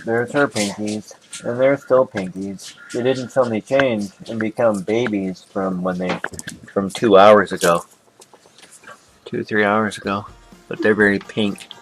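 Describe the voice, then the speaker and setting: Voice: medium pitch, steady tone, a little slow, noisy background. A pet vlogger in their fifties, chatting casually and cooing playfully while narrating footage. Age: 50s. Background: background music.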